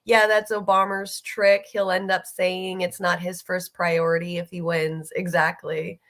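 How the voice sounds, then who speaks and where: A woman's voice: lowish voice, little pitch movement, unhurried, a bit bright. Profane, exasperated woman ranting casually. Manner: blunt, profane, exasperated, reads chat aloud. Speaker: streamer host. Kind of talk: casual political livestream chat.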